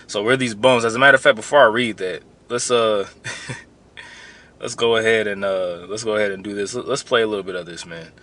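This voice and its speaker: A man's voice: fairly low pitch, steady tone, moderate pace, a bit bright. A man giving an informal religious lesson to his camp, rambling and conversational, building to heated emphasis.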